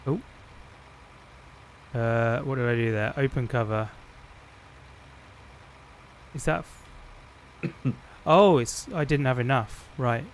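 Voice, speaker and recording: Casual British streamer, mid-range voice, narrating gameplay to a friend. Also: male voice, medium pitch, slow, long pauses, a little hiss or hum. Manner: chatty, narrates his own actions. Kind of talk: casual gaming chat.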